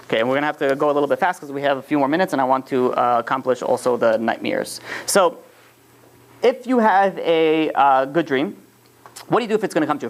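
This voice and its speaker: A fast-talking man teaches an informal religious lesson. He often restarts his phrases and rambles along. He mixes in stories as he goes. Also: a little high.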